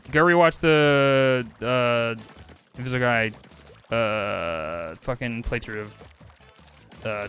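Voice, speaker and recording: A man streaming a video game live, chatting with viewers and reacting loudly, swinging between excited yelps and low mutters. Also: clear, resonant tone. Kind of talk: casual live gameplay commentary.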